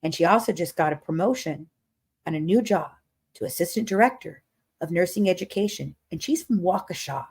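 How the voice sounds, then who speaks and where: A woman's voice: fairly low pitch, lively intonation, fairly quick, gravelly, a little mellow, breathy edge. A woman hosting a podcast, telling a story in a casual rant that is profane, emphatic and dramatic. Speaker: podcast host.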